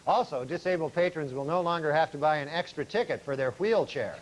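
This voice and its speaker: A man telling jokes in a deadpan, rambling way, now and then chuckling at his own lines. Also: a little high, brisk, heavy background noise. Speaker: comedian. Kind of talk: deadpan news jokes and talk-show storytelling.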